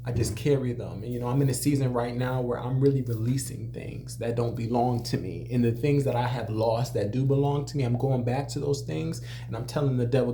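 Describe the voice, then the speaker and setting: Young man, cook, vlog storytelling. Mellow, relaxed tone, chatty with constant fillers, faint hum behind. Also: mid-range voice, vocal fry. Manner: conversational, many "you know" fillers, animated when quoting others. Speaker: restaurant cook. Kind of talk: casual storytelling to camera.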